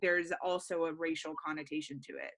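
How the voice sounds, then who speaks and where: Young adult woman, improv student, chatty, earnest, bright voice. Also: low voice, steady tone, a little fast. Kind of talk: class discussion.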